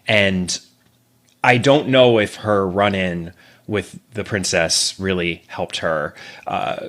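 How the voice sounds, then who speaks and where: A man's voice: low-pitched, slow pace. A man talking animatedly as a podcast guest in a casual book discussion. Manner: animated, acts out quoted characters.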